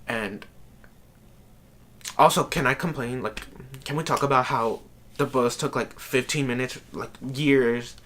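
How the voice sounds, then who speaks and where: Young male vlogger with mid-range pitch, casual and foul-mouthed, rambling storyteller. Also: fairly even intonation, moderate pace, fairly bright tone, slight background noise. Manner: chatty and profane, heavy on "like" fillers.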